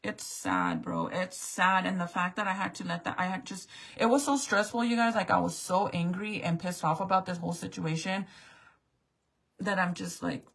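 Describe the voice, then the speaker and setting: A woman's voice: on the low side, animated, normal speed, gravelly, a bit bright, poor audio. A middle-aged woman venting to her viewers in a profane, exasperated rant. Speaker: vlogger. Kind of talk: angry rant to camera.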